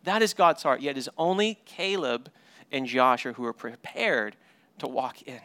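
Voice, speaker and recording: A man preaching a sermon as pastor, animated and storytelling, often repeating words as he restarts. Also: mid-range voice, normal speed, no room sound. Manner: animated storytelling with paraphrased dialogue; frequent word repeats and restarts.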